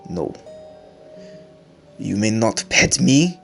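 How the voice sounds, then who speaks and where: A man's voice: on the low side, big pitch swings, very slow, gravelly, fairly bright tone, soft background music, heavily acted. A man voicing a haughty female tuxedo cat with a put-on French accent, sneering and disdainful, in a story game. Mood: snooty.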